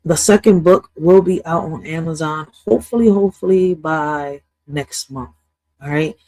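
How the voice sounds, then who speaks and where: A woman's voice: low-pitched, normal speed, darkish tone, dry recording, low-quality recording. Blunt, profane woman ranting on a stream. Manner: blunt, profane, repeats "listen" and "right?". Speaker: poet and live streamer. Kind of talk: casual live-stream rant.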